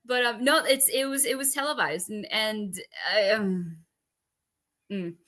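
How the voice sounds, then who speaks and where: A woman talks in a bright, clear voice on a casual podcast. She tells her stories bluntly, with plenty of swearing and lively energy. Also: medium pitch, measured pace. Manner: blunt, profane, animated storytelling. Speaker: veterans advocate guest.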